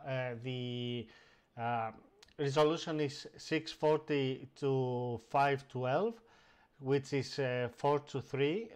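A man hosting a casual live stream, narrating each step of a computer task as he does it. He speaks slowly at a middle pitch and stops often to search for words. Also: clear, resonant tone. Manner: hesitant, many fillers and restarts while operating the computer.

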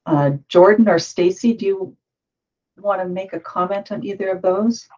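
A woman's voice: medium pitch, fairly even intonation, moderate pace, darkish tone, dull audio. A woman moderating a panel discussion, thinking aloud with many restarts.

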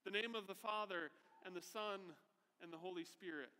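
A man's voice: high-pitched, normal speed, pushed and bright, clear, resonant tone, long reverb tail. A man preaching a sermon as pastor, conversational, often checking in with a rhetorical "right?".

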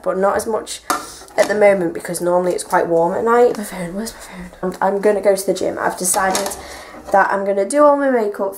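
A woman's voice: mid-range voice, noisy background. A young woman vlogging her day at home, rambling in a casual, chatty way with lots of fillers. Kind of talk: casual daily vlog. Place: home, indoors and garden.

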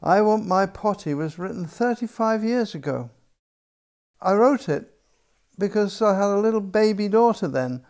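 An older man, an author reading his own picture book aloud in a gentle, unhurried storybook manner. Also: sits high, lively intonation.

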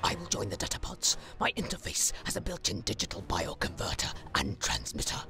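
Brief: menacing male alien villain, rasping and hushed, voiced by a woman, audio drama. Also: very deep voice, wildly swooping pitch, fairly quick, voice pushed down, exaggerated voice.

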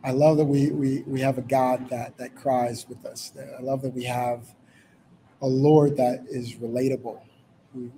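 A man's voice: medium pitch, mellow, slight background noise, rough recording. Casual man leading a Bible study. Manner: informal, many fillers, rephrases and reads scripture aloud.

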